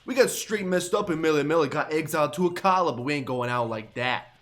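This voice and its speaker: A man voicing a rowdy young gang thug who talks in brash street slang and shouts. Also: on the high side, fairly quick, natural voice.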